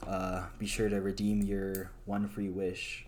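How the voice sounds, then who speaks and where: A man's voice: deep voice, completely flat delivery, measured pace, a little mellow, a little hiss or hum. A young man vlogging in a rambling, self-deprecating confessional monologue, swearing casually.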